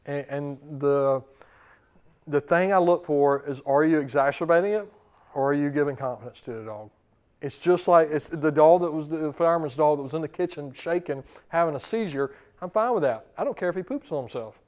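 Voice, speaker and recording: A man's voice: fairly high pitch, moderate pace, darkish tone. A man in his thirties, a dog trainer giving a seminar to clients in a conversational way, often repeating words and acting out the commands he gives.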